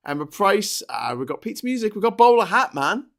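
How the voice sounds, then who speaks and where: Male host, slightly high voice, loose rambling chat-show patter with the odd swear. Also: very animated, moderate pace. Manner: chatty, rambling, swears and laughs. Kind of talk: casual political chat show.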